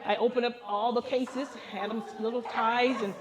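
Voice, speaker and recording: An older woman pastor telling a comic story at a women's gathering, animated and laughing, acting out the voices of the people in it. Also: on the high side, moderate pace, a crowd in the background. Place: live gathering.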